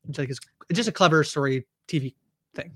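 A man co-hosting a TV recap podcast who talks in halting starts and restarts. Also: fairly high pitch, breathy edge, dry recording, studio quality. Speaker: podcast co-host. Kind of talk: casual recap chat.

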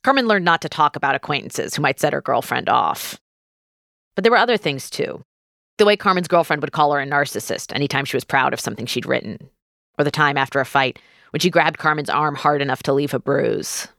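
A woman hosting a podcast, reading scripted narration in a measured, storytelling way. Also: low-pitched, lively intonation, creaky, a bit bright, no echo, studio quality. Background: faint music.

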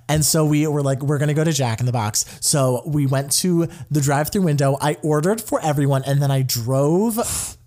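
Male podcast co-host, bit higher voice, animated storyteller. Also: moderate pace. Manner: animated storyteller, acts out quotes. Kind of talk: casual chat.

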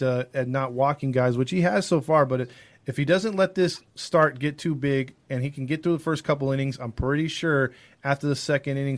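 A man in easy conversation about a baseball team, talking with plain enthusiasm and firm opinions. His pitch sits in an ordinary middle range, and he throws in quick jokes as he goes. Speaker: sports podcast co-host. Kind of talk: casual baseball chat.

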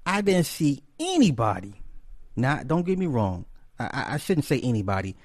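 Animated man ranting in casual commentary. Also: a little high, normal speed, no room sound, clean studio sound. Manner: animated, profane, emphatic repetition. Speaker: online commentator.

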